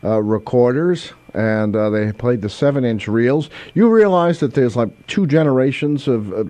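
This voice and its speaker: Brief: man, call-in radio host, loose and rambling, warm low tone, dry studio mic. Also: expressive, normal speed, no echo. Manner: rambling, with many fillers and restarts. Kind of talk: casual call-in chat. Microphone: studio microphone.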